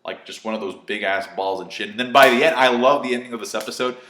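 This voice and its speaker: A man's voice: mid-range voice, fast talker, bright, forceful tone. A man giving a casual, chatty review of an anime episode, swearing freely and filling his talk with asides and fillers. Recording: echoey room.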